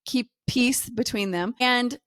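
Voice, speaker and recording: A woman's voice: a little high, takes it slowly, a bit bright, no echo, studio quality. A woman co-hosting a podcast, animatedly recounting family stories in casual chat. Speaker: podcast co-host.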